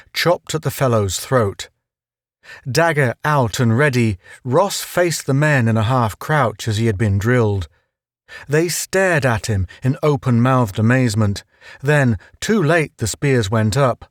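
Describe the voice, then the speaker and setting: A man reads a novel aloud in a measured, even storytelling manner. His pace is slow and his pitch sits in the middle range. The recording is close and dry. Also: no room sound. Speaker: audiobook narrator. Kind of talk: scripted narration.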